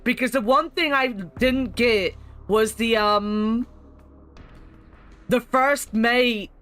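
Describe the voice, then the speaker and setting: A woman's voice: on the high side, takes it slowly, a bit bright, soft background music. A young adult woman streaming a game, chatting casually with viewers and laughing often. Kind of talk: casual gaming commentary.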